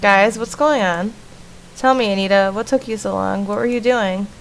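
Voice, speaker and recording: Young horror-game heroine grilling a friend, accusing tone, slight rasp, read by a woman streamer. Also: mid-range voice, normal speed, slight background noise, lightly acted, low-quality recording. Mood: suspicious. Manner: accusing, questioning. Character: suspicious young woman protagonist searching for her sister.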